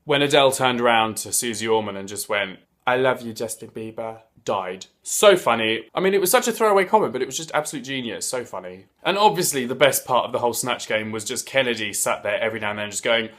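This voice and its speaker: A man reviewing an episode in a casual, chatty way, gushing and breaking into sudden loud exclamations. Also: mid-range voice, lively intonation, fast, hardly any pauses. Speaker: video reviewer. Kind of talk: casual chat.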